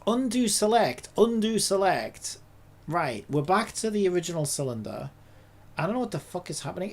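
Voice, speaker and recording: A woman's voice: fairly low pitch, sing-song, a little fast, a little mellow, slightly rough. A woman, a game developer, talking to herself in a casual dev log, frustrated and swearing a lot.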